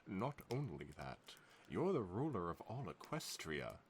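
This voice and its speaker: A man's voice: sits low, sing-song, measured pace, a little hiss or hum, exaggerated voice. Rarity, a man doing a prim faux-British pony lady. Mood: coaxing. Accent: put-on vaguely British. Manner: haughty, prim and fussy. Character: fancy, haughty female pony fashionista. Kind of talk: fan-fiction read-aloud.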